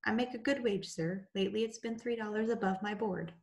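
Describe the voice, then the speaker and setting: A woman's voice: mid-range voice, fairly quick, pitched above the performer's own voice, lightly acted. A woman reading as a timid young mill girl. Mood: deferential.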